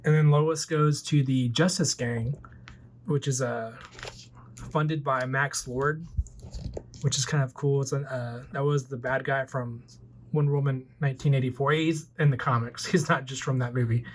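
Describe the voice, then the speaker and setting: Flat-toned man rambling through a recap. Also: medium pitch, moderate pace. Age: 40s. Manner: rambling, loose, filler-heavy storytelling. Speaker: toy collector vlogger. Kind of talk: casual movie retelling.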